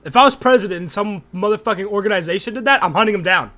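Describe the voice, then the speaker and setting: A man's voice: high-pitched, rapid-fire, bright, forceful tone. A young man streaming his crude, mocking reaction to a debate, swearing and laughing as he talks over the clips. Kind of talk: profane reaction commentary.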